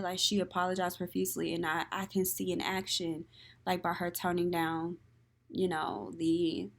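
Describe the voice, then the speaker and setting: Woman podcast host, candid, opinionated, lower voice, chatty filler words. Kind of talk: casual solo podcast commentary.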